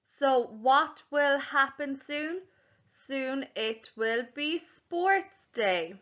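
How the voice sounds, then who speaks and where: A woman teaching young children a home learning lesson, speaking clearly in a sing-song teacher voice and spelling words out slowly. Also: sits high, a bit bright, dull audio. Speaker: primary school teacher.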